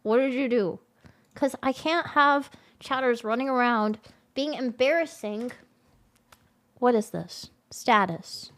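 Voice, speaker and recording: A woman streamer chats casually with her viewers, excitable and swearing often, and she shrieks when thanking people for gifts. Her voice is a little high and she takes it slowly.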